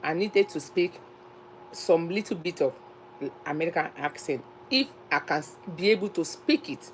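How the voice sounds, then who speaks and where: A woman's voice: on the low side, normal speed, a little hiss or hum, rough recording. A Nigerian woman who hosts a cooking channel, talking earnestly to her viewers, often repeating herself and restarting phrases. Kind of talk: casual talk to camera.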